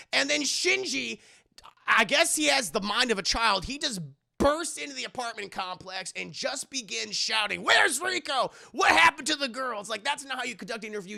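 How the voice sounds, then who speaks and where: A man streaming a casual live review, retelling scenes in an animated, profane way and doing the characters' voices. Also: high voice, vocal fry.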